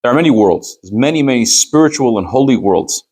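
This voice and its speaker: A man's voice: medium pitch, lively intonation, a little fast, a little mellow. A man teaching a text-class, with a mid-range voice. He reads lines aloud, translates them, and explains them with pointed rhetorical questions. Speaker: rabbi teaching a Chassidus class. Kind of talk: Torah study class, reading and translating a text.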